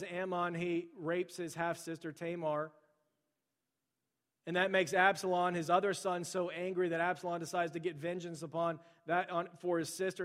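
A man preaching a sermon in a conversational way, often saying "like" and "right", and growing forceful when he quotes scripture. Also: fairly high pitch. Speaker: pastor.

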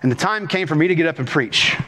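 A man preaching a sermon as pastor, with rhythmic, animated delivery and quick bursts of speech. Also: fairly high pitch, long reverb tail.

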